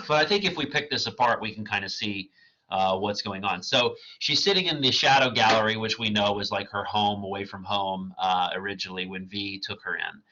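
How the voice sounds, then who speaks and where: A man giving a recorded literature lecture in a thoughtful, musing way, often pausing with fillers and restarting his sentences. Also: on the low side, bright, forceful tone, dull audio.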